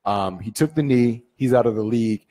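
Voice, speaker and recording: A man in casual sports talk, chiming in with quick agreement and short points. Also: mid-range voice, mellow.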